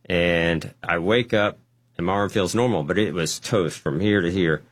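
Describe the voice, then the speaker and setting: A man telling his testimony as a guest, acting out the dialogue with animated energy. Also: low-pitched, moderate pace. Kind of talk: testimony storytelling.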